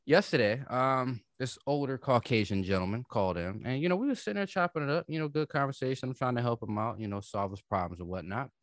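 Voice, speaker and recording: A man's voice: mid-range voice, expressive, fast talker, hardly any pauses, no room sound, studio quality. A man on a casual podcast telling stories from his day, profane and acting out the people in them. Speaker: podcast co-host. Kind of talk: casual storytelling chat.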